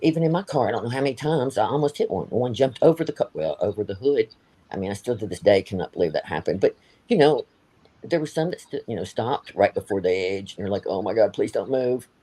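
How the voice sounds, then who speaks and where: A man's voice: fairly low pitch, lively intonation, fast talker, warm tone, breathy edge. A man hosting a livestream, talking in a heated, blunt way, swearing and repeating himself. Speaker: livestream host. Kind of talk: ranting live-stream chat.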